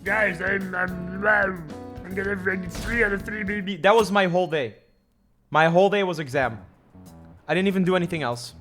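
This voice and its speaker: A man's voice: sits high, moderate pace, a bit bright, soft background music. A young man streaming a video game, rambling casually, cursing and mocking himself as he plays. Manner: rambling, profane, self-mocking. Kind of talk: casual gameplay commentary.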